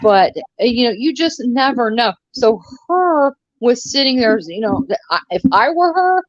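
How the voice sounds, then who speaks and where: A woman's voice: fairly high pitch, big pitch swings, moderate pace, highs cut off, a little hiss or hum. A woman in her sixties co-hosting a live stream, ranting bluntly with profanity and sarcasm. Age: 60s. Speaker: co-host of a live commentary stream. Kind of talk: casual live-stream chat.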